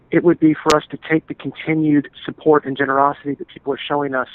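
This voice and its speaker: Earnest man with a gravelly voice. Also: medium pitch, noisy background. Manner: earnest, halting, with many restarts. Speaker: interview guest, stepfather. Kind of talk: emotional personal account. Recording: tinny phone-like call audio.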